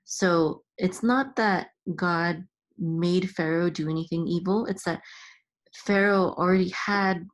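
A woman teaching Hebrew reading in a patient lesson, sounding out syllables slowly and chanting the accent marks. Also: fairly low pitch, muffled recording.

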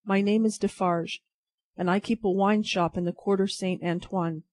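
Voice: fairly even intonation, moderate pace, close to an everyday voice. A reader voicing a grim terse wine-shop keeper. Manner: terse, low-voiced.

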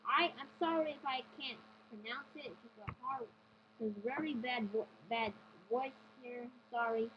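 A woman's voice: a little high, moderate pace, a little hiss or hum. A woman giving an amateur weather report off a map, hesitant and stumbling over place names. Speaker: weather presenter. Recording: dull lo-fi recording.

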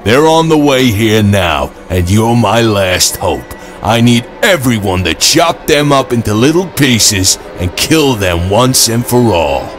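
A man voicing a scheming male villain who commands an army of robots in a game role-play, talking in a slow, menacing, resentful way. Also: fairly low pitch, very animated, music in the background.

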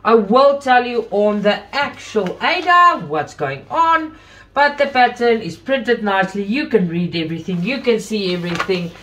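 A woman host chatting to viewers in an unboxing video, gushing with praise, still recovering from an illness with coughs and throat-clearing. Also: medium pitch, animated, normal speed, a bit bright, a little hiss or hum. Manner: gushing, effusive about everything. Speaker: craft channel host. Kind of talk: casual unboxing chat to viewers.

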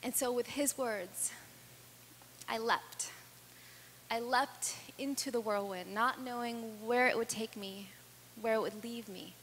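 A woman with a fairly high voice tells personal stories from a stage, earnest and deliberate, pausing for effect. Her words ring out with a long hall reverb, and a faint hum sits underneath. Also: fairly bright tone. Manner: earnest, dramatic pauses and rising intensity. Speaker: speaker. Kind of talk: personal storytelling speech.

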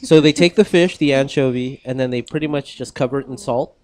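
Mid-pitched man explaining things casually. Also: a little fast, darkish tone. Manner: explaining, joking. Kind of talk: casual chat.

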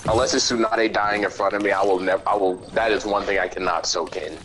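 A man's voice: on the low side, fairly even intonation, fast talker, fairly bright tone. A teenage boy co-hosting a casual chat, laid-back, with joking asides. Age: teens. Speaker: co-host. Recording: noisy home recording.

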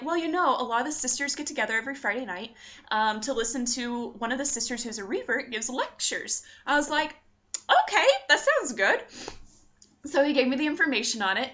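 A woman's voice: a little high, bright, forceful tone. A young woman telling her own story in a chatty, casual way, full of "like" and acted-out quotes. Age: young adult. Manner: chatty, quick, full of likes and quoted voices. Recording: dull lo-fi sound.

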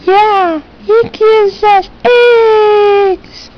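A woman playing an excitable, whiny sister in a home-made comedy film. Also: extremely high pitch, drawn-out words, highs cut off, noisy background. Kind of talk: amateur comedy acting.

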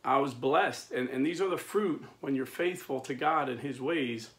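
A man in his fifties with plain-spoken, blue-collar phrasing, giving a casual preaching monologue as the host of a Catholic men's video. He tells stories in an animated way and chuckles while he talks. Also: medium pitch, normal speed.

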